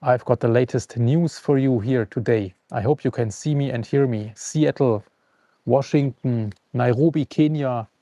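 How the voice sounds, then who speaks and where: A man hosting a live stream from outdoors, calm and unhurried as he greets viewers and reads the news. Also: mid-range voice, no echo. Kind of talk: casual live stream chat and news reading. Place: outdoors at a forest camp on the coast.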